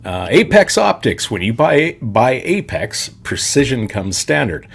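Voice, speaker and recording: A man's voice: mid-range voice, big pitch swings, unhurried, vocal fry, slightly rough. A man co-hosting a casual podcast, reading sponsor spots and joking easily with his co-host. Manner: easygoing, joking, laughs often.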